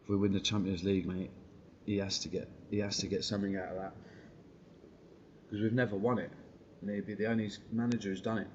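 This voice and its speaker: A man's voice: on the low side, little pitch movement, fast, pauses often, a little mellow, muffled recording, slight background noise. A man, talking on a live stream in a blunt, slangy way and swearing freely. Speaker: football fan streamer.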